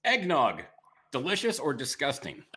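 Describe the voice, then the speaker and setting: Guy hosting a chat show over drinks, bright voice, dry jokey quips. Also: mid-range voice, huge pitch swings. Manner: dry, joking, quick quips. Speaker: host. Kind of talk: casual interview over drinks.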